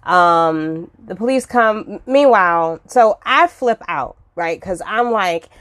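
Woman from D.C., casual storyteller; chatty and expressive, middle pitch, dry close sound. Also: a little slow, few pauses, dry recording. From Washington, D.C. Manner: expressive, acts out her own past reactions; chatty, with frequent fillers and asides.

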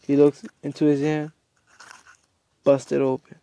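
A man hosting a casual show, telling a comedic story in a rambling, animated way and acting out quotes. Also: on the high side, normal speed, pauses often. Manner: animated, acts out quotes, self-interrupting. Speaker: host.

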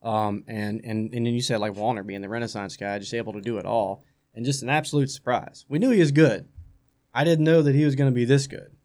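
A man's voice: medium pitch, brisk, darkish tone. A man talking casually as a guest on a sports talk show, chatty and often restarting his sentences. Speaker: guest baseball analyst.

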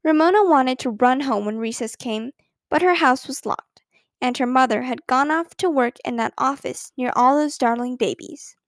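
A woman narrating a children's storybook aloud in an expressive, lively reading. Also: sits high, moderate pace, no echo, studio quality.

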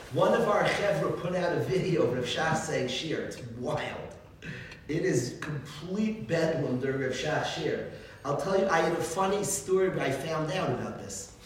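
A man, a rabbi, giving an informal religious talk full of animated stories and frequent chuckles. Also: on the high side. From United States. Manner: animated storytelling, chuckles often. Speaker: rabbi teaching a class. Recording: very echoey room, distant mic, faint noise.

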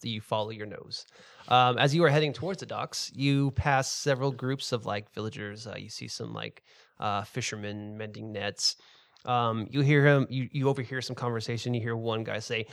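A man narrating a tabletop game as game master, describing scenes in a relaxed second-person way. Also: mid-range voice, moderate pace, gravelly.

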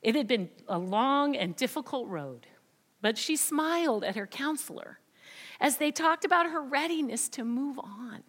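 Slow woman preacher with long reverb. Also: high voice, expressive. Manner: dramatic swings in loudness, often dropping to a whisper. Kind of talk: sermon storytelling.

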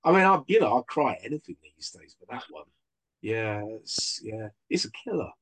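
Husky, hesitant man on a panel. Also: mid-range voice, big pitch swings, a little fast, a bit bright, poor audio. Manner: emotional, hesitant and stumbling. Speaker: podcast guest. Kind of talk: casual panel discussion.

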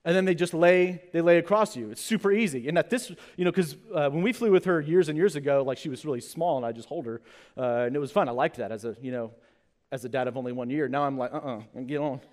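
A man's voice: fairly high pitch, fast. A man in his thirties, a pastor telling a comic personal story in his sermon, acting out the people in it. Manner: animated, comic storytelling with acted-out quotes. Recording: long hall reverb.

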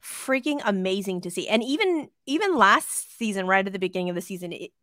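A woman co-hosting a casual sports podcast, excitable and gushing, swearing freely. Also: medium pitch, fast talker, dry recording, clean studio sound. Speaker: podcast co-host.

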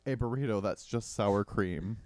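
A man's voice: fairly low pitch, moderate pace, a little mellow, no echo. A man co-hosting a casual podcast chat while playing a card game, joking and laughing easily. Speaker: podcast co-host.

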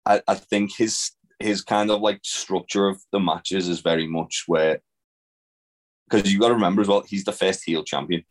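A male podcast co-host with a low voice and fairly even intonation chats through a wrestling recap at a moderate pace. It's a rambling, casual talk with free swearing and lots of fillers.

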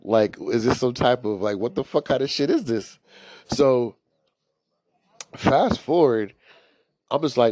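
Slow-talking young man, rambling and profane. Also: mid-range voice, very animated, no room sound. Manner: rambling, profane, heavy on filler words. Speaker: storyteller host. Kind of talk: casual spoken storytelling. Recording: dry, slightly dull lo-fi recording.

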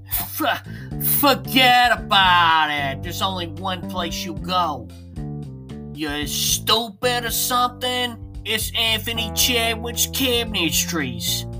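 A man voicing a brash, pushy male cabinet shop owner in a mock radio commercial, drawn-out and gruff. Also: high voice, voice pushed up.

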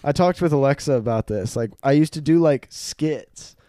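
A young man chats casually as a podcast host. His voice sits a bit high and mellow, recorded dry and close. He tells stories with energy, slipping into quoted voices and laughing along. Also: normal speed, no echo. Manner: animated storyteller, acts out quotes, laughs often. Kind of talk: casual chat.

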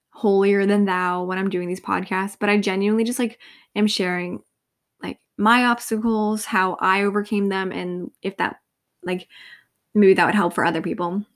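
Rambling, tired young woman podcaster. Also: medium pitch. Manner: rambling, filler-heavy, lots of "like". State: tired, yawning. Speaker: podcast host. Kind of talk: casual solo podcast chat.

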